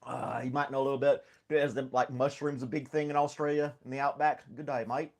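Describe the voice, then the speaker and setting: A man's voice: medium pitch, flat delivery, quick pace, vocal fry, a little mellow. A middle-aged man hosting a casual live stream chat, talking in a rambling, easygoing way and laughing often as he reads viewer comments.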